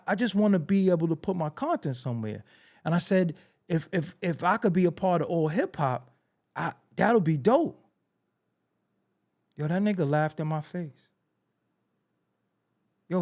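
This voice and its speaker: A podcast host from New York tells a story in his own words, animated and swearing freely as he acts out the dialogue of the people in it. His voice sits a little high for a man, and he talks casually.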